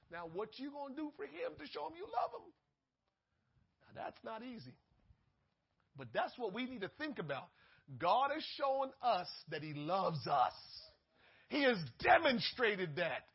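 Emphatic man preaching, high husky voice, muffled lo-fi sound. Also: wildly swooping pitch, unhurried. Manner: emphatic, swings between loud exhortation and hushed asides. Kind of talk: sermon. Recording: dull lo-fi recording.

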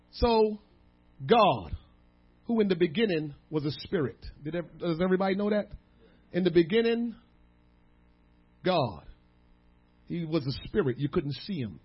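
A man preaching a sermon, moving between slow, quiet teaching and loud, shouted emphasis. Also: high-pitched, husky, dull audio.

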